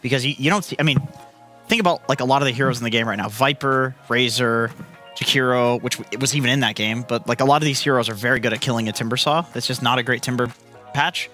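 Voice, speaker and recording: A male esports analyst trading casual studio banter. His voice is bright and forward, and he laughs easily between points. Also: medium pitch, soft background music. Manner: jokey, quick to laugh.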